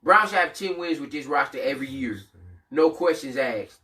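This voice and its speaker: A man co-hosting a casual sports chat, talking emphatically and hammering his points home. His voice is bright and forceful, and he sits a little back from the microphone. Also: medium pitch, animated, moderate pace, recorded from a distance. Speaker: co-host.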